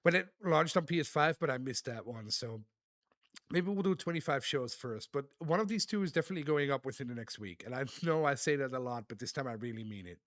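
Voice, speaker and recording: A man live-streaming, reading chat aloud and thanking viewers in a relaxed, laughing manner. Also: medium pitch, brisk, no room sound, studio quality. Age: adult.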